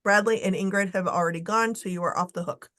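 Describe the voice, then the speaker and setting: A woman runs a committee meeting over a video call at a middling pitch. She talks briskly and casually. She is blunt and now and then drops a swear word. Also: fairly even intonation, a bit bright. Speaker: search committee chair.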